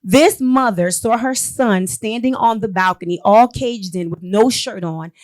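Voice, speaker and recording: A woman guest in a casual chat, telling a story with lively energy and acting out the quotes. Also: mid-range voice, unhurried.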